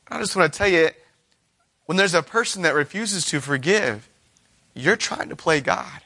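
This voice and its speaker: A man's voice: fairly high pitch, expressive, moderate pace, bright, forceful tone. A man preaching an earnest sermon, reading scripture aloud and acting out the voices of the people he quotes.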